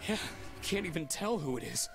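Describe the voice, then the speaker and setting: A man voicing a grim, shaken young man in a visual novel read-aloud, speaking hushed with a wavering voice. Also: fairly high pitch, very animated, normal speed, vocal fry, music in the background.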